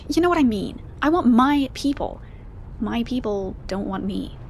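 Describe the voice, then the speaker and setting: A woman's voice: a little high, lively intonation, a little slow, darkish tone, a little hiss or hum. An actress playing a restless, unsure young woman, speaking hesitantly. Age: young adult. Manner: hesitant, self-doubting.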